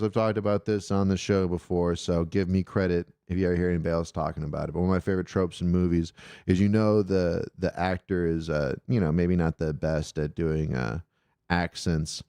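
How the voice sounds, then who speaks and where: A man's voice: deep voice, warm tone, clear, resonant tone, dry recording, clean studio sound. A man hosting an irreverent call-in live stream, talking casually and rambling loosely, with swearing. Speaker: call-in show host.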